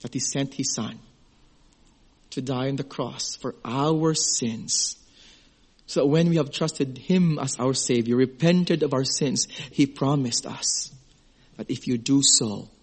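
A middle-aged pastor preaches a sermon earnestly and emotionally, sometimes dropping to a hush and sometimes rising high and excited. He speaks slowly, and his voice has a breathy edge.

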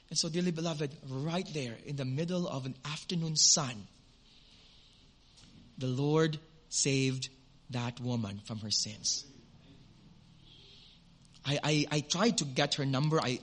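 Man, pastor, sermon, high voice, bright tone, lively storytelling, earnest preaching. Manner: animated storytelling, swinging from loud to hushed.

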